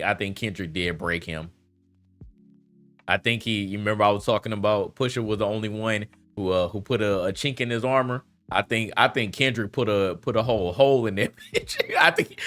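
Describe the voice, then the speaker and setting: A man's voice: on the low side, a bit bright. A man giving a casual, slangy commentary rant, laughing often and talking loosely with lots of fillers. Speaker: commentary vlogger.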